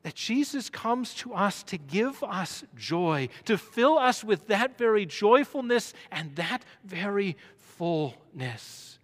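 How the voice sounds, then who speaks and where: A man preaching a sermon as pastor, building to loud emphatic runs. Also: high voice, big pitch swings, takes it slowly, few pauses. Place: church sanctuary. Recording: long hall reverb.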